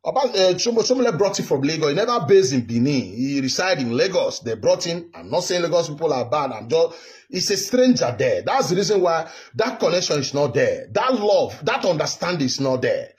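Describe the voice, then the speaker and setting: With a fairly high, sing-song voice and a slightly fast pace, a Nigerian vlogger in his fifties from Edo State gives a political monologue straight to camera. He sounds heated and indignant, repeating himself as he rants.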